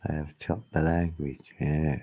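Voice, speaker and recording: A man's voice: extremely low pitch, level tone, measured pace, dark tone, husky. A man, chatting casually as a channel host, laid-back and laughing often. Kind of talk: casual chat.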